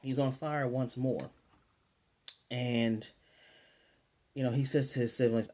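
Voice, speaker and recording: A man's voice: medium pitch, steady tone, takes it slowly, mellow. A man giving a casual, conversational recap and review of an anime episode, retelling scenes with loosely paraphrased character lines and lots of fillers. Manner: loose filler-heavy delivery with restarts.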